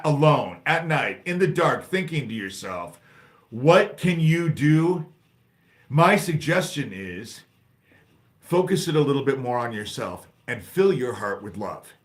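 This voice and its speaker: A man's voice: mid-range voice, fairly bright tone. A man hosting a livestream, angrily ranting with heavy swearing, jumping between topics and reading the chat aloud. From United States. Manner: angry, profane, jumps between topics and reads chat aloud. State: agitated. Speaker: livestream host.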